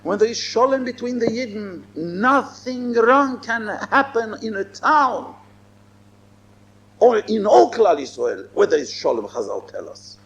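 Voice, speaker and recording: A man's voice: high voice, very animated, unhurried, fairly bright tone, muffled recording. A man giving a Torah lecture as a rabbi, emphatic and repeating his phrases. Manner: emphatic, repeats phrases, mixes in Hebrew and Yiddish terms.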